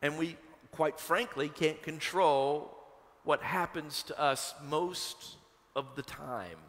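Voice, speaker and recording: A Kentucky-born pastor preaches to his congregation, slipping from prayer into an animated personal story. His voice sits a little high and rings bright and forceful. The sound carries the long reverb of a church sanctuary. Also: slow. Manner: conversational, building to animated storytelling.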